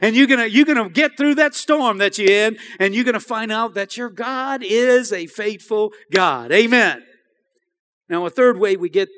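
A pastor with a high, fairly bright voice preaches a sermon emphatically. He repeats phrases and often asks the congregation, "Amen?"

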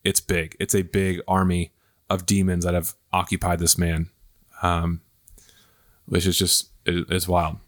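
A man's voice: sits low, monotone, a little slow. A man hosting a Bible study discussion, thoughtful and hesitant, with many fillers and restarts. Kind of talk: casual discussion.

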